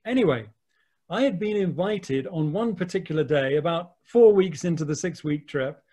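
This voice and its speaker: English guy spinning lively safari-type yarns, fairly high voice, a bit of mild swearing, on a video call. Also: moderate pace. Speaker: wildlife photographer guest. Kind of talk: anecdotal storytelling.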